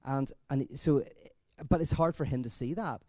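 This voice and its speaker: A man giving a conference talk in a conversational, thinking-aloud way, telling jokes with lively energy. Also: mid-range voice, moderate pace, dry recording. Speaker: conference speaker.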